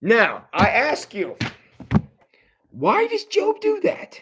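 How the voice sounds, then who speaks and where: Man, pastor type, high voice, casual livestream teaching, restarts phrases often. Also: slow, pauses often, husky. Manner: conversational, animated, repeats words when restarting; addresses viewers directly. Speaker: pastor leading a Bible study. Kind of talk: livestreamed Bible study teaching.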